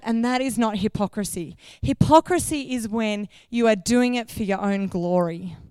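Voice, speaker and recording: A woman's voice: a little high, smooth, dry recording. A woman giving a sermon in a conversational way, asking the congregation questions and correcting herself as she goes. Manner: loses her place, corrects herself mid-sentence. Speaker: guest preacher.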